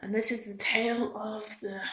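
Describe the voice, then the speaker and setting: A woman reading a storybook aloud in a soft-spoken ASMR style, often drifting into a whisper. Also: medium pitch, level tone, moderate pace, slight background noise, low-quality recording. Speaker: ASMR reader.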